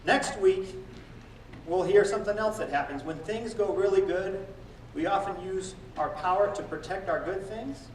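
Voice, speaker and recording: A man with a very high voice preaching a sermon, animated and acting out quoted prayers and boasts. He is heard from a little distance off the mic. The church room around him is echoey. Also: normal speed, slight background noise. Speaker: pastor.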